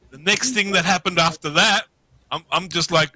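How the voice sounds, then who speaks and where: A middle-aged man rambles through a long story over a video call, swearing freely and often starting his sentences over. His voice is very bright and sits a little high, with a dry sound and no room around it. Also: moderate pace, no echo, low-quality recording. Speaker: guest. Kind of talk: casual storytelling.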